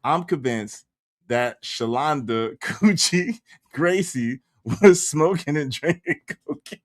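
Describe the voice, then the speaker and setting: A man hosting a casual reaction livestream, loud and slangy, laughing often. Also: a little high, takes it slowly, no room sound, studio quality. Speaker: livestream commentary host.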